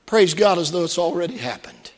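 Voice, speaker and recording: A pastor preaches a sermon to his congregation in a church, his high, expressive voice moving briskly with a big-room sound. He is earnest and repetitive, repeating phrases and putting rhetorical questions directly to the people.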